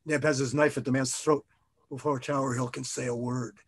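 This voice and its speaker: A man, an author, reading his own novel aloud in a measured, expressive way. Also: mid-range voice, breathy edge.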